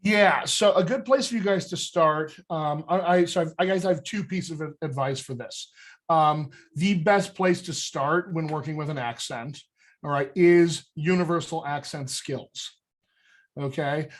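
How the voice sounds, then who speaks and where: A man from the United States who coaches voice and dialect, explaining accent technique in an energetic, conversational way and checking in with "all right?". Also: a little high, measured pace. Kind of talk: coaching talk on a group call.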